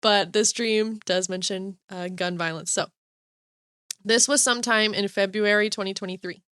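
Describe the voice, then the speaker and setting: A woman co-host chats casually and leans on "um" and "just" as she goes. Her voice has an ordinary middle pitch. The sound is close and dry, with no room around it. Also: fairly even intonation, moderate pace, fairly bright tone, clean tone, no echo. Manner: chatty, with frequent "um" and "just". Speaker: podcast co-host. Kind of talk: casual chat.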